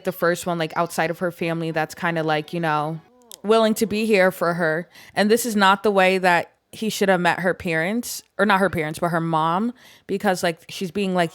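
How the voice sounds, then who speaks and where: A woman's voice: fairly low pitch, a little fast, clear, resonant tone, no room sound. A young woman giving casual gameplay commentary, chatting in a filler-heavy way and voicing what the game characters might be thinking. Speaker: gaming YouTuber.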